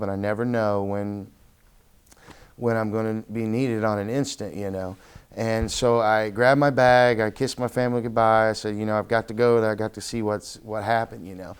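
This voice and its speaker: A man's voice: on the low side, clear, resonant tone. A freelance journalist, a man, giving documentary testimony, telling his story vividly and urgently. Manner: vivid storyteller, urgent when quoting shouts.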